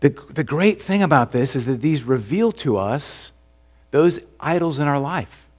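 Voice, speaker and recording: A man pastor delivering a conversational sermon, asking rhetorical questions and dropping to a soft, low voice for emphasis. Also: expressive, unhurried.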